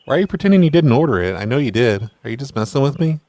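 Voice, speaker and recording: Deadpan man making prank calls. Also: mid-range voice, racing, no echo. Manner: deadpan, mock-serious. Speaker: prank caller and show host. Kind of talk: prank phone call.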